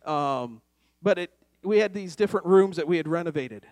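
High-voiced man preaching with rising fervor. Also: animated, normal speed, no echo. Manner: storytelling, building to loud call-and-response exhortation. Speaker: pastor. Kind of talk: sermon. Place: church before a congregation.

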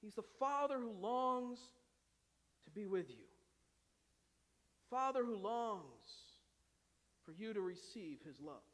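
A man preaching a sermon as pastor, impassioned, moving between loud urgent pleas and quiet, conversational asides. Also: sits high, lively intonation, takes it slowly, long pauses. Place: church sanctuary. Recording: long reverb of a church hall.

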